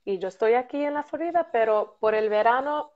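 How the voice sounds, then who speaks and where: A woman's voice: fairly high pitch, lively intonation, fast talker, muffled recording. A woman co-hosting a casual ministry livestream, moving between Spanish and English and laughing often.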